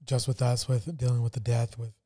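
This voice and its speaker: A man co-hosting a podcast, telling a painful family story in a somber, halting way with many fillers. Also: medium pitch, level tone, mellow. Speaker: podcast co-host. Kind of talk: casual personal testimony.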